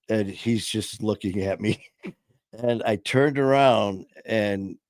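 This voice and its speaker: Middle-aged male host, casual rambling storyteller, lowish voice, dry close sound. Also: slow, pauses often, darkish tone, no echo. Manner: rambling, with many fillers. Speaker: podcast host and former trainer.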